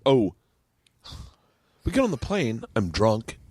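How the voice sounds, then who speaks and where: A man in his forties hosting a podcast, telling a story in casual chat and laughing as his voice jumps up high. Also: takes it slowly, slightly rough, no echo. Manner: excitable, laughing, rising to yelps when retelling. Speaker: podcast host. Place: home studio.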